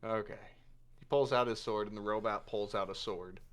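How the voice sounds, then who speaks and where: A man's voice: on the low side, steady tone, normal speed, fairly bright tone. A man narrating as game master in a casual, loose storytelling manner.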